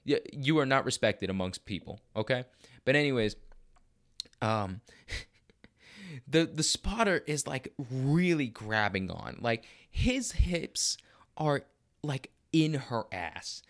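A young man hosts a podcast from a room at home and tries out stand-up bits. He talks in a profane, animated ramble, restarting sentences and pushing his voice up for emphasis. He has a mid-pitched voice. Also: slow. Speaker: podcast host.

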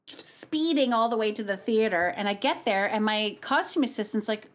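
A woman opera singer chatting as a podcast guest, telling animated stories with lots of giggling. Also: a little high, normal speed. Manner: giggly, animated storyteller who acts out voices. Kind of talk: casual podcast chat.

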